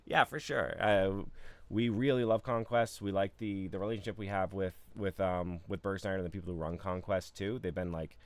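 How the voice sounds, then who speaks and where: Deep-voiced laid-back man chatting. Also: steady tone, moderate pace. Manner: laid-back, rambling with many fillers and restarts. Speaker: co-host of a live stream. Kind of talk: casual live-stream chat.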